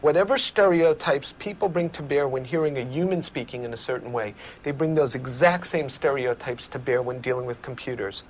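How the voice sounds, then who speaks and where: A male researcher giving measured, lecturing explanations in an interview. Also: mid-range voice, slight background noise. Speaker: communication researcher.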